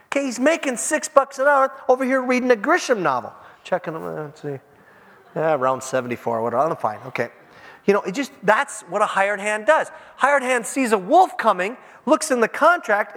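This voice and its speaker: A man preaching a sermon in an animated, conversational way, acting out quotes as he goes. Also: high-pitched, normal speed. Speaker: pastor. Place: church. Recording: long church-hall reverb.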